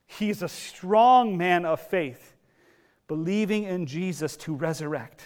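A male pastor delivers a sermon in a lively storytelling manner, with casual asides along the way. His voice sits a little higher than most men's. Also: a little slow.

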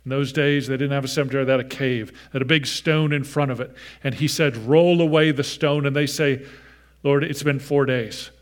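A man preaching to his congregation in a mid-pitched voice. His delivery is earnest, and he swings between forceful emphasis and soft, almost whispered lines. He pauses to speak directly to the children. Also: steady tone. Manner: earnest, shifts between loud emphasis and hushed softness. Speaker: pastor. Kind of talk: sermon.

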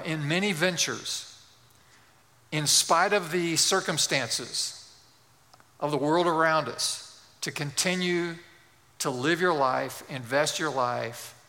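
A pastor preaching a sermon in an earnest, measured way, letting phrase endings drop softly, in a church sanctuary. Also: male voice, a little high. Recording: long reverb in a hall.

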